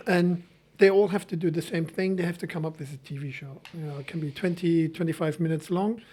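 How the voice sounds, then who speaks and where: A man's voice: a little high, fairly even intonation, a little fast, darkish tone, husky. A man from Germany with a German accent, a film school lecturer talking in a podcast interview with many hesitant restarts.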